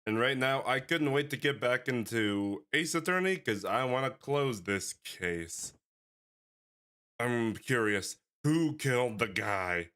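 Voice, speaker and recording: A man's voice: mid-range voice, expressive, slow pace, a bit bright, clear, resonant tone. A man chatting casually while streaming a game and reading its lines aloud. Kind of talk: casual gameplay commentary and voice acting.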